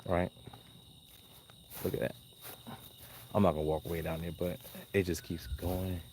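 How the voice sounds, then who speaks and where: Deep-voiced man rambling at night. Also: flat delivery, measured pace, a little hiss or hum. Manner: rambling, talks to himself. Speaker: dog breeder. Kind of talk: casual live vlog. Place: outdoor kennel yard at night. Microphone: handheld phone camera. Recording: loud crickets and insects at night. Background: crickets and night insects.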